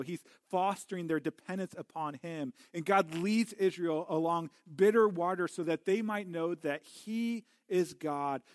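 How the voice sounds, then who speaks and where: A man's voice: high-pitched, dry recording, clean studio sound. A middle-aged man preaching a sermon as a pastor, earnest and often restarting his words. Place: church.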